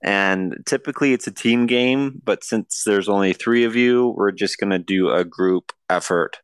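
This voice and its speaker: A man hosting a casual group podcast, explaining a word game slowly and hesitantly, laughing at his own slips. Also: lowish voice, clean tone, dry recording. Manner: slow, hesitant, laughs at himself. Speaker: podcast host running a game.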